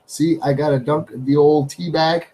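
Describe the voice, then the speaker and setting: A man's voice: on the high side, steady tone, normal speed, dark tone, slight background noise, rough recording. A Canadian man hosting a casual live stream from his home studio. He chats loosely, repeats his phrases, and calls out to his pets.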